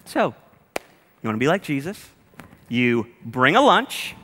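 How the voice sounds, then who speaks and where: A man's voice: medium pitch, very animated, a little slow, bright, forceful tone, big-room sound, slight background noise. A man preaching a sermon as a pastor, talking in a humorous, conversational way straight to his congregation. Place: church auditorium with a congregation.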